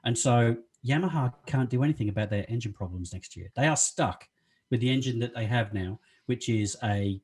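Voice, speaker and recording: A man's voice: medium pitch, normal speed, a little mellow, slight background noise. A man co-hosting a podcast in casual chat, talking freely and laughing often. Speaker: podcast co-host.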